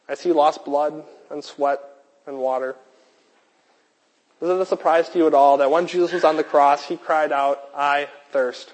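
Man preaching in a reverberant hall. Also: a little high. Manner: repetitive, emphatic preaching cadence. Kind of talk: sermon.

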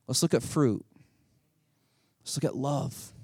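A man's voice: medium pitch, slow, dark tone, slightly rough, no echo. A man preaching a sermon, rousing and full of rhetorical questions and call-outs to the congregation. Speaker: pastor.

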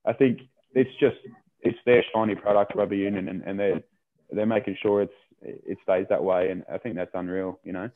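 A man's voice: low voice, steady tone, normal speed. Australian man on a tinny line. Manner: rambling, repeats words, says "mate" often. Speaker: rugby player guest. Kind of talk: casual interview chat. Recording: tinny phone-line sound.

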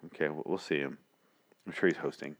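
A man's voice: a bass voice, fairly even intonation, fairly quick. A man co-hosting a podcast, bantering casually with crude, sarcastic jokes and frequent laughter. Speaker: podcast co-host.

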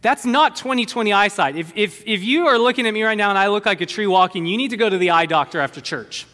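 A man preaching a sermon in a church, animated and conversational with playful asides. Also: high voice, fast. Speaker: pastor. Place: church sanctuary. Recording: long hall reverb.

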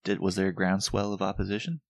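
A man's voice: deep voice, flat delivery, quick pace, no room sound. A man co-hosting a podcast in casual chat, laughing often and chiming in with short remarks. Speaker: podcast co-host.

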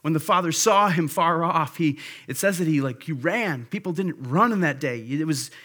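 A man's voice: on the high side, expressive, normal speed, sharp tone. A man preaching a sermon at a church service, earnest and conversational, repeating key phrases for emphasis. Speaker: pastor.

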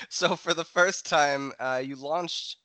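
A man's voice: a little high, pushed and bright, no room sound. Upbeat podcast host guy, playful hype, dry close mic. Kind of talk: casual podcast chat.

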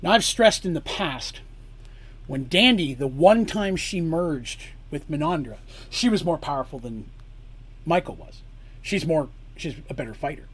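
A man's voice: on the high side, animated, unhurried, breathy edge. A man acting as game master, narrating a tabletop campaign story and breaking off to explain the rules and lore.

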